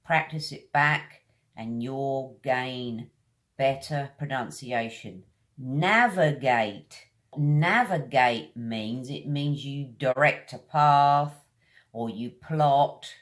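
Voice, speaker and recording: A woman with a British accent teaching English vocabulary, drawing each word out slowly as she drills its pronunciation. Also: a bass voice. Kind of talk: vocabulary lesson.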